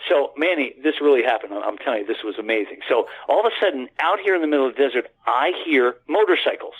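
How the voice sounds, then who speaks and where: Husky-voiced man telling a long story. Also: medium pitch, lively intonation, quick pace, phone-quality sound. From United States. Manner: rambling, with many restarts. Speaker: guest. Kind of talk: casual storytelling.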